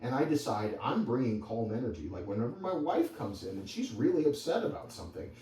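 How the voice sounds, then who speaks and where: A man's voice: medium pitch, big pitch swings, a little fast, dark tone. A man who trains dogs, teaching a small group in a conversational, rambling way with anecdotes and asides. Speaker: dog trainer. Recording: echoey room, distant mic, faint background noise.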